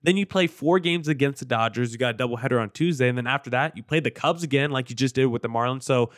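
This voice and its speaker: Brief: male sports podcast host, upbeat off-the-cuff chatter, average pitch, dry booth sound. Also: quick pace, no echo. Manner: conversational, rambling, upbeat, self-deprecating. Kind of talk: solo sports podcast talk.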